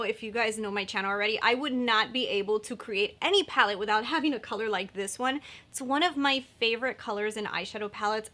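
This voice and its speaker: A woman beauty vlogger talks through her favorite eyeshadow shades in a casual, gushing way, full of "like" and "oh my God." Her voice sits a little high with a bright, forward edge. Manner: gushing, enthusiastic, many fillers like "like" and "oh my God". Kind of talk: casual makeup product chat.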